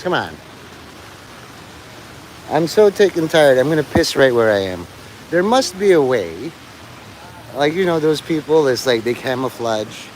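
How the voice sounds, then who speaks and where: Slight background noise runs through this rough recording of a middle-aged man livestreaming outside in the rain near traffic. His medium-pitched voice swings widely, and he speaks unhurriedly with long pauses. He rambles crudely, swearing and joking with himself.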